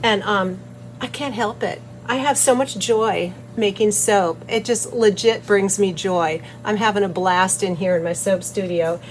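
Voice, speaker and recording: A woman's voice: medium pitch, unhurried, slight background noise, low-quality recording. A cheerful, giggly woman chatting casually as she makes soap in her studio and hosts her channel. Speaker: soap maker and channel host. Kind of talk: casual chat while making soap.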